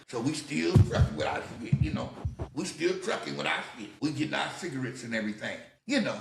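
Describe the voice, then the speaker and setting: With background noise and an echoey room, a man with a creaky, mid-range voice talks a little fast, his pitch swinging widely. He's older and shares stories of his youth in a casual podcast, imitating others' voices, cursing freely, and often laughing.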